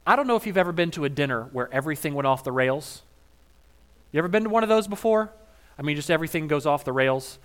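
A man's voice: fairly high pitch, quick pace. Wry, conversational male pastor preaching. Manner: conversational and wry, retelling scenes with humor; animated, swings between quiet and emphatic. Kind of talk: sermon.

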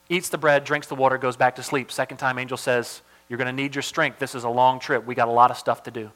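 Bright, animated male preacher. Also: mid-range voice, fast talker, few pauses. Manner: animated, swings from loud emphasis to hushed asides. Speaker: pastor. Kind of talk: sermon.

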